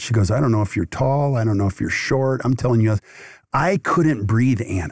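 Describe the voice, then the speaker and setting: A middle-aged man, a podcast guest from the dental industry, talking in an animated, conversational way and often acting out quotes. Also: medium pitch, no echo, studio quality. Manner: animated, jumps into lively acted-out quotes. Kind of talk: conversational interview answer.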